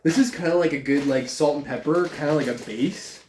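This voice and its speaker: A man's voice: fairly high pitch, fairly quick, darkish tone, a little hiss or hum. A man, a YouTuber, ranting casually in a profane, rambling way while cooking in his home kitchen. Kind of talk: casual vlog rant. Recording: echoey room.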